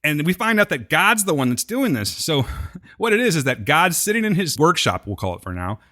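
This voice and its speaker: On a podcast, a male co-host with a voice on the high side goes through a TV episode fairly quickly. His casual recap is lively and full of jokes, and he performs the characters' dialogue himself.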